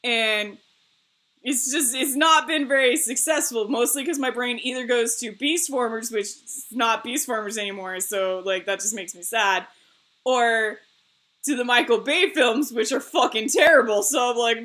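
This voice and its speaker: A young woman chats casually while drawing on a live stream, rambling and teasing herself, cursing and laughing often. Her voice sits a little high and sounds bright and forceful. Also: moderate pace. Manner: rambling, self-mocking, swears and laughs often.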